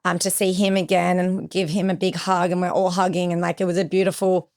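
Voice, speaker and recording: A young woman with a slightly low voice, speaking as a podcast guest. She tells a personal survival story with vivid retelling, jumping into other people's lines as she goes. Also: level tone, fairly quick, a little mellow. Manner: vivid retelling with acted-out quotes.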